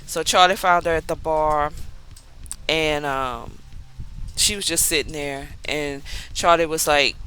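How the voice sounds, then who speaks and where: A woman's voice: sits low, measured pace, pushed and bright, slight background noise, low-quality recording. A woman casually recapping a TV episode, chatty, with lots of fillers and asides. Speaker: TV recap vlogger.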